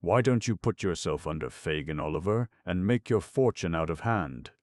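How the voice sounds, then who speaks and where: A man's voice: deep voice, animated, moderate pace, darkish tone, no room sound, studio quality. A swaggering boy pickpocket, as a man puts him on. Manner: boastful street slang.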